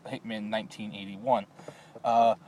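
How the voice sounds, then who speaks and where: A man's voice: on the low side, level tone, measured pace, darkish tone, slight background noise. A man recording a class assignment on a phone, hesitant with many filler sounds, then reading a story aloud. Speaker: student.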